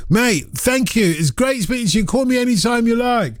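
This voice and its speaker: A man's voice: very high voice, expressive, normal speed, no room sound, studio quality. A man hosting a radio phone-in show, bantering and teasing his callers with a laugh. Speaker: radio host. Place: radio studio.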